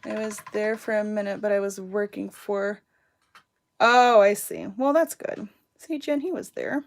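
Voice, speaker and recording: A woman's voice: mid-range voice, unhurried, gravelly. A woman hosting a casual livestream craft tutorial, chatting and giggling with her viewers as she works. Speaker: crafting channel host.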